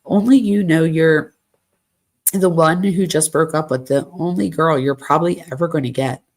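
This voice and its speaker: A woman's voice: low voice, normal speed, darkish tone. A woman reading aloud the angry text messages of a young woman in a breakup fight, in a lightly raised voice.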